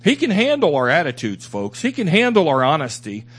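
A man's voice: a little high, wildly swooping pitch, a little fast, slightly rough. A man preaching a sermon as pastor, emphatic and repetitive, with candid asides to his congregation. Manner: emphatic preaching with repeated phrases.

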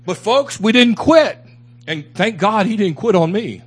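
A man's voice: high-pitched, lively intonation, a little slow, breathy edge. A man preaching a sermon as pastor, emphatic and repetitive, with candid asides to his congregation. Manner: emphatic preaching with repeated phrases.

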